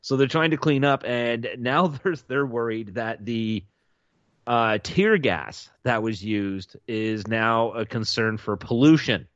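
A man's voice: medium pitch, takes it slowly, a bit bright, no room sound, highs cut off. A man co-hosting a podcast, reading news with sarcastic commentary and frequent laughs. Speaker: podcast co-host. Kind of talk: casual chat and news commentary.

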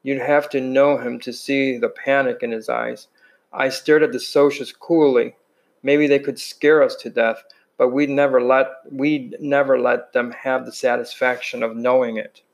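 A man reading a novel aloud in a mid-pitched voice. His reading is plain and unpolished, with the occasional restart or stumble over a phrase. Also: flat delivery, measured pace, creaky, poor audio. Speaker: reader.

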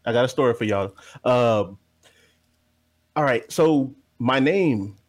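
A man from New Jersey co-hosting a podcast, telling stories animatedly, laughing loudly and swearing freely. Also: mid-range voice, lively intonation, slow. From New Jersey, USA. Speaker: podcast co-host. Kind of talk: casual podcast banter, storytelling.

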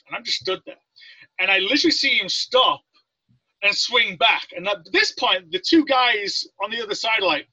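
A Navy veteran from Leeds, England, speaks in a high voice with an English accent, a little fast, as a guest telling stories in a casual interview. He's animated and acts out the voices he quotes. The recording is dry with a dull lo-fi sound and no echo.

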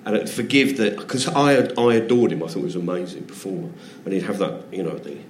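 A middle-aged man, a comedian guest, telling anecdotes in casual, animated chat and swearing freely. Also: low voice, brisk, reverberant, slight background noise. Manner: animated, swearing storyteller with restarts.

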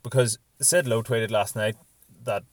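A man co-hosting a casual football chat, measured and asking thoughtful questions. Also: medium pitch, fairly even intonation, no room sound. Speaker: podcast co-host.

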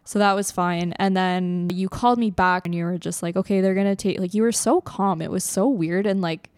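Chatty young woman, crisp dry voice. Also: lowish voice, fairly even intonation, fairly quick, darkish tone, dry recording. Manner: chatty, frequent "like", laughs between lines. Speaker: podcast co-host. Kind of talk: casual storytelling.

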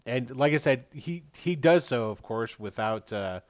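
A man's voice: mid-range voice, animated, no room sound, clean studio sound. Guy game-mastering on a video call, umms a lot, voice jumps all over. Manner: rambling, halting, lots of fillers.

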